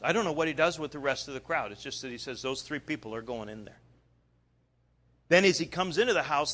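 A male preacher retelling a story in a sermon, animated, swinging between loud bursts and quiet asides. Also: on the high side.

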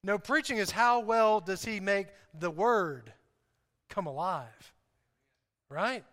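Guy preaching a sermon, real high bright voice, jokey and stumbles over his words a lot. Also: slow pace. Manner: animated, joking, repeats himself and restarts often. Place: church hall. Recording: hall reverb.

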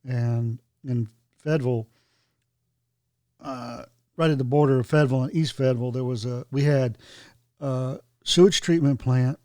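Mellow-voiced man from North Carolina. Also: mid-range voice, steady tone, normal speed, no room sound, clean studio sound. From North Carolina, USA. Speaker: podcast co-host. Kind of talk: casual chat.

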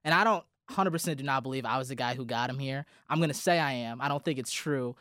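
Young male student broadcaster, sentimental farewell, smooth clear voice, dry studio sound. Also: mid-range voice, fast talker, sharp tone, no room sound. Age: young adult. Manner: rambling, heartfelt, with restarts and laughter. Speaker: college radio host. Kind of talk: emotional farewell speech on air.

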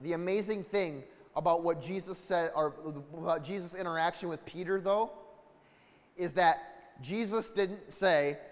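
A man's voice: sits high, unhurried. A man preaching a sermon in an earnest way, acting out the lines of the people in the story and building in intensity. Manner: earnest, building intensity, acts out quoted dialogue. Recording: long hall reverb.

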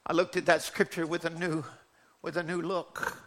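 A man's voice: a little high, flat delivery, normal speed, fairly bright tone. A man preaching a sermon, telling a personal testimony in an earnest, fervent way. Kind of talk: sermon storytelling.

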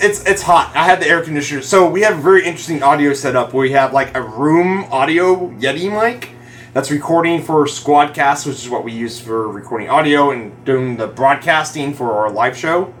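A man hosting a casual engineering podcast, easygoing and rambling, speaking into a boom mic in a studio room. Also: a bit bright, slight background noise. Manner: easygoing, rambling, laughs often. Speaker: podcast host.

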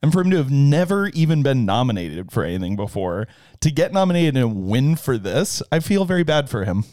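Guy on a movie podcast, bouncy animated voice, dry close sound, laughs a lot. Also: medium pitch, brisk, no room sound. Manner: chatty, laughs often. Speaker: podcast co-host. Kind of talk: casual movie chat.

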